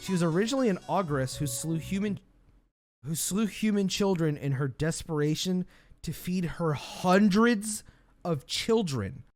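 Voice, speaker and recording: Lively crude-joking man over loud music. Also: measured pace. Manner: blunt, crude, jokey, with lively swings of pitch. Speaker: video essay host. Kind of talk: crude comedic commentary on game characters.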